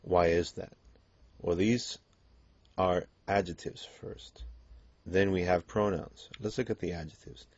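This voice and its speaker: A man's voice: sits low, fairly even intonation, a little slow, darkish tone, dry recording. A man teaching a Spanish grammar lesson in English, explaining patiently with frequent "okay" and "um". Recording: dull lo-fi lecture recording.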